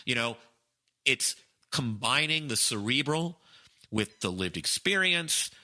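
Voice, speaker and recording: A man co-hosting a podcast, talking in an excitable, emphatic way and often restarting his phrases. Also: mid-range voice, takes it slowly. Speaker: podcast co-host. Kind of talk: casual chat.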